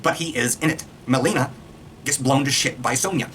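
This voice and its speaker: Excitable, foul-mouthed man ranting. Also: medium pitch, slight background noise. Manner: excitable, profane, rapid-fire ranting. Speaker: video reviewer. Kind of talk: casual rant.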